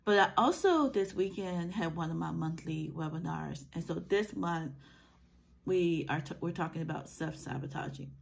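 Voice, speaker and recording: A woman life coach speaks in a casual, encouraging vlog, her voice sitting low with a gravelly fry. Her throat is scratchy from a lingering sinus cold. She talks earnestly, pushing her listeners to act. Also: moderate pace. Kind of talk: motivational vlog talk.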